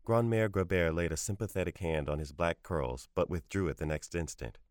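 In a close, dry recording with no sense of room, a man narrates a short story. His voice is very low and measured, and his delivery stays steady and unrushed.

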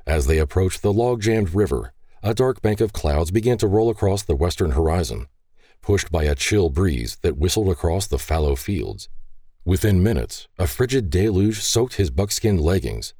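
Male audiobook narrator, very low, mellow tone, animated delivery. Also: no echo, studio quality. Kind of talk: scripted narration.

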